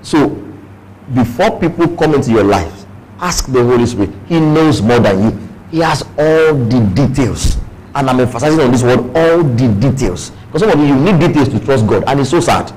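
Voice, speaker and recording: Nigerian man preaching a lively sermon. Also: medium pitch, fairly quick, a little hiss or hum, low-quality recording. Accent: Nigerian English. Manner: preaching with playful asides, acting out quoted voices. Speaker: pastor. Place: church.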